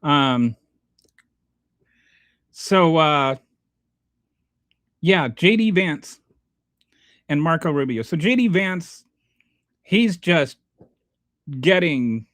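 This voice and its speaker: A man's voice: a little high, expressive, extremely slow, long pauses, fairly bright tone, no echo. A male host giving sarcastic, rambling political commentary on a livestream and reading chat. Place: home near a small Texas town.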